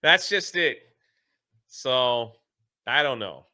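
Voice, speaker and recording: A man's voice: mid-range voice, expressive, slow pace, pushed and bright. A man co-hosting a podcast, chatting casually and telling stories in a wistful, self-pitying way. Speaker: podcast co-host. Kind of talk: casual chat.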